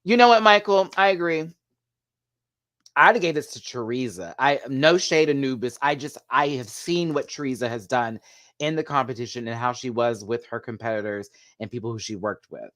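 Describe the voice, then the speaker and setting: A man hosting a live video review, gushing and excitable, chatting to viewers and laughing often. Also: mid-range voice, moderate pace. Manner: chatty, talks back to viewers' comments. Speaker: host reviewing a TV show.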